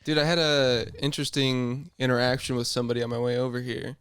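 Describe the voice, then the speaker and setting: A man's voice: medium pitch, level tone, quick pace, fairly bright tone, clean tone, dry recording, studio quality. A young man co-hosting a podcast, telling stories in a laid-back, casual way and acting out what people said. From Minnesota, USA. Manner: laid-back storytelling, acts out quotes. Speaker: podcast co-host. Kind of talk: casual chat.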